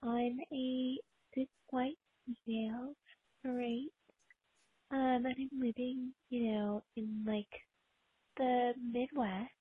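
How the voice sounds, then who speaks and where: Breathy, sultry woman on a phone line. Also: a little high, level tone, no room sound. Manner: slow, breathy, sultry delivery with drawn-out pauses. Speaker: caller. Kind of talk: recorded voicemail question. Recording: tinny phone-line recording.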